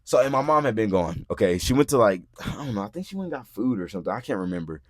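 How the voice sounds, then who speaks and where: A young man hosting a podcast, telling a story in casual, profane talk, acting out quotes loudly and filling his speech with "bro" and "like". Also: lowish voice, very animated, fast talker, dry recording, clean studio sound. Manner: frequent filler words like "bro" and "like". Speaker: podcast host. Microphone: podcast mic.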